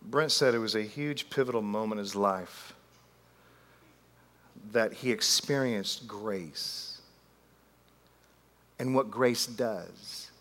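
A man preaching a sermon, telling a story animatedly with drawn-out pauses and asides to the congregation. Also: on the low side, a bit bright. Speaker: pastor. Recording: long hall reverb.

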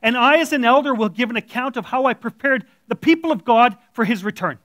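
Male lay preacher, very high pitch, plain-spoken and blunt, dry close recording. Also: lively intonation, fairly quick, fairly bright tone, no room sound. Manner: blunt, conversational, acting out quoted voices. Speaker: church elder preaching. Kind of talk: informal sermon. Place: church room with audience.

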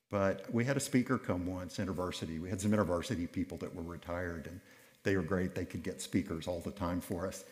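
An older male pastor tells stories from the pulpit in a relaxed, conversational way, often restarting his sentences. His voice sits very low. The sound rings with the long reverb of a large hall. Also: moderate pace. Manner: conversational, anecdotal, with frequent restarts. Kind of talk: sermon storytelling.

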